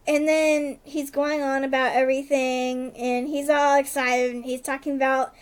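High-voiced woman in rambling casual chat. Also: little pitch movement, noisy background. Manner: rambling retelling, heavy use of "like", quick asides. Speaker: podcast co-host recapping a TV episode.

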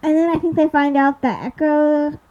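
A young woman chats through a TV episode recap in a high, mellow voice, scattered with fillers and quick apologies when she loses her notes. The recording sounds dull and lo-fi. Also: fairly even intonation. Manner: rambling, many fillers, loses track of notes. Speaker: podcast host recapping a TV episode. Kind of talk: casual chat.

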